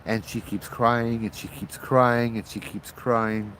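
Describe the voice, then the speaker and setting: A man with a Hawaiian accent, a bit tipsy, telling ghost stories outdoors in a relaxed, rambling way with local slang. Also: lowish voice, slow pace, slight background noise. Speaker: host, ghost-story teller. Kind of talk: casual spoken storytelling. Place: outdoors at night.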